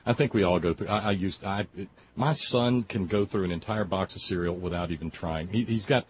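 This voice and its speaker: A male radio host chatting casually, rambling and halting with fillers. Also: deep voice, slight background noise. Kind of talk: casual chat. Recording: dull lo-fi radio audio.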